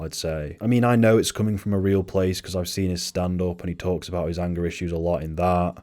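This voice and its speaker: A man talks through a film review in a deep, low voice. He is blunt and candid, owning up to his bias with self-aware asides. His opinions come out frank and unpolished. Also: dark tone. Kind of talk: opinionated spoken movie review.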